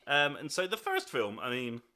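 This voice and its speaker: A man's voice: medium pitch, huge pitch swings, normal speed, bright, forceful tone. A man hosting a casual podcast chat, teasing and joking with his guest and laughing easily. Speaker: podcast host.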